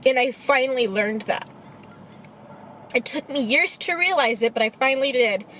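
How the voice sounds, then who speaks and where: A woman in her twenties telling a personal story to her camera. She talks in a halting, emotional way and sounds tearful. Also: sits high, lively intonation, fairly bright tone, a little hiss or hum. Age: 20s. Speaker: vlogger.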